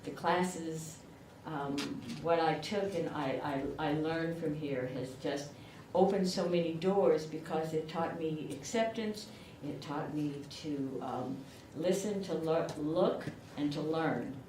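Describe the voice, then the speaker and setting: An older woman with a rural southern Illinois accent gives a chatty, self-deprecating speech, her voice sitting a little low. She is picked up from a distance in an echoey room. Steady background noise runs under her. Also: takes it slowly, few pauses. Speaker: award recipient. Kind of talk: acceptance speech.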